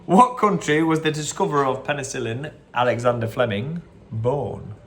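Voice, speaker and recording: A man's voice: medium pitch, normal speed, a bit bright, slight background noise. A man hosting a casual pub-style quiz, reading each question twice and drifting into short anecdotes, recorded on a phone. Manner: chatty, repeats each question, wanders into anecdotes. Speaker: quiz host.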